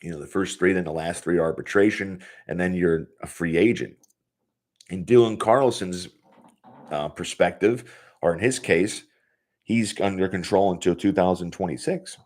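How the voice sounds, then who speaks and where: This man in his forties hosts a casual solo podcast from his home office, rambling, swearing freely and laughing often. His darkish voice sits low and moves at a moderate pace.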